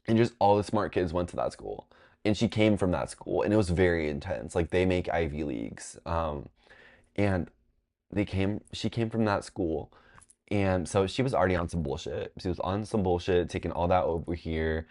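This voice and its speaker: A man in his twenties telling a rambling, animated storytime vlog, full of "like" fillers. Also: low-pitched. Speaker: vlogger. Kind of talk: casual storytime.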